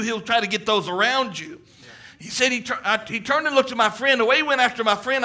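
Male preacher, high bright voice, fervent sermon delivery with swelling emphasis. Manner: fervent, quoting at length, rising emphasis. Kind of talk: sermon retelling a vision.

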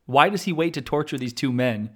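A young adult man hosting a podcast in casual chat, laughing a lot, swearing freely, and getting loud when he is worked up. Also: medium pitch, animated, a little fast. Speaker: podcast host.

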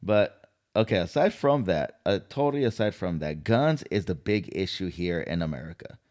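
A man's voice: sits low, expressive, moderate pace, darkish tone. A man hosting a podcast, ranting in a casual, heated and profane way. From California. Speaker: podcast host. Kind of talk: casual commentary.

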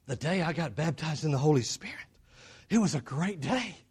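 A middle-aged man delivers a sermon in a fairly high voice that swoops widely in pitch. He punches key phrases loudly, then drops to a low, hushed murmur for dramatic effect. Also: animated, normal speed, breathy edge. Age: middle-aged or older. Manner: swings from loud emphatic declarations to low hushed drama. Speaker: preacher.

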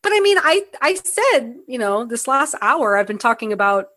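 A young woman co-hosting a movie podcast, blunt and profane, ranting with animated energy. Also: a little high, moderate pace, no room sound. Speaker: podcast co-host. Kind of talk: casual movie review chat.

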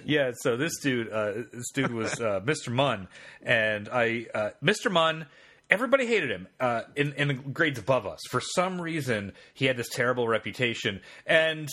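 Bright-voiced rambling podcast co-host. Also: male voice, mid-range voice, animated, normal speed. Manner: rambling storyteller with frequent fillers and restarts. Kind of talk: casual chat.

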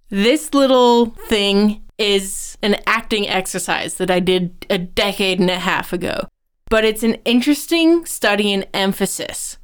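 Very smooth-voiced woman podcast co-host. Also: medium pitch, lively intonation, unhurried. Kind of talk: conversational writing-advice podcast.

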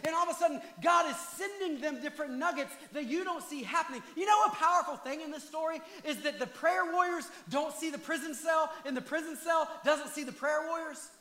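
A male pastor preaching a passionate sermon, at times rising to shouts and talking directly to the congregation. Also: extremely high pitch, fairly quick, few pauses, reverberant.

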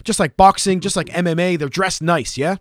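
A man's voice: high voice, fairly quick, dry recording, studio quality. A man co-hosting a podcast, telling stories in casual, profane banter. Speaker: podcast co-host.

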